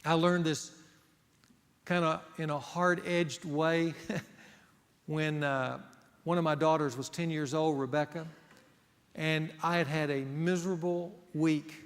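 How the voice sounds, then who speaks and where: A male pastor delivers a sermon with earnest emphasis, pressing hard on key words and then dropping to a near hush. His voice sits on the high side for a man. It rings out with a long reverb, as if it fills a large church sanctuary. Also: fairly even intonation, takes it slowly, long pauses. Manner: earnest, emphatic preaching that swings between loud and hushed.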